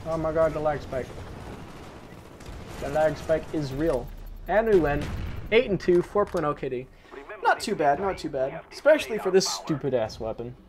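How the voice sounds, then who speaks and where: A man's voice: on the high side, expressive, moderate pace, long pauses, a little mellow. A young man giving live gameplay commentary into a desk microphone, rambling and self-mocking, with muttered asides. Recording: gunfire from the game audible. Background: game gunfire.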